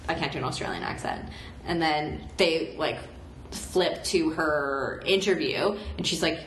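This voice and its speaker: Young woman co-host, lowish voice, chatty filler-heavy delivery, echoey room. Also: a little slow. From Vancouver, Canada. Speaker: podcast co-host. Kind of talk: casual chat. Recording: echoey room with faint noise.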